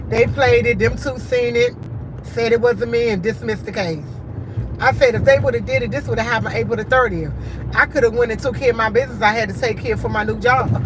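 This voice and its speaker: Chatty fired-up woman in aave, live stream outside, traffic noise behind her. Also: on the high side. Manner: indignant, chatty storytelling. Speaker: vlogger. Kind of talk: casual live-stream chat.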